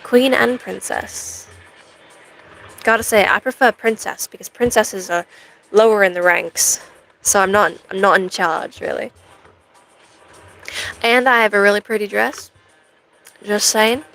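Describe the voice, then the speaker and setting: A woman's voice: mid-range voice, unhurried, creaky, long pauses, fairly bright tone, soft background music, poor audio. A young American woman live streaming, chatting in a rambling way to her viewers. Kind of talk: casual chat to a live stream audience.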